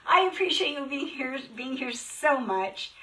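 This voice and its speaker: A woman's voice: high voice, sing-song, far from the mic, slight background noise, poor audio. Chatty woman hosting a craft stream. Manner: warm, chatty, rushed, greets viewers by name. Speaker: craft shop host. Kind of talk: casual live craft stream.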